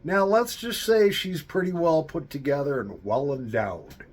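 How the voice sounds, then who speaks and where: A man tells a casual personal anecdote in a rambling, drawn-out way, full of fillers and restarts. His voice is fairly high, expressive and husky.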